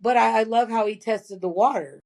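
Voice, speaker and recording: A woman's voice: on the high side, moderate pace, a little mellow. A former prison nurse, a woman, telling blunt and profane stories in a casual interview.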